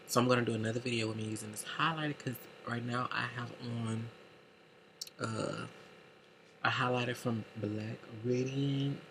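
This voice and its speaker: A man unboxing makeup for a casual beauty vlog, talking in a gushing, excitable way with heavy cursing. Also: mid-range voice, slight background noise, low-quality recording. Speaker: beauty vlogger. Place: indoor room lit by a makeup light.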